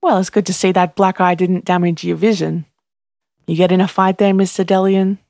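A woman voicing a cheerful young nurse who talks brightly and briskly while she works. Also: lowish voice, steady tone, gravelly, no room sound, clean studio sound. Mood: friendly.

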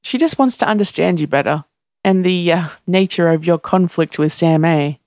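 A woman voicing a gruff middle-aged man who grumbles at his hurt friend. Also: lowish voice, moderate pace, a little mellow, no echo, clean studio sound, natural voice. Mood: grumpy.

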